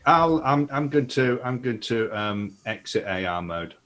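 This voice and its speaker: A man's voice: medium pitch, animated, unhurried, a bit bright. A man playing a tabletop game, talking casually and hesitantly and repeating himself. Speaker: player.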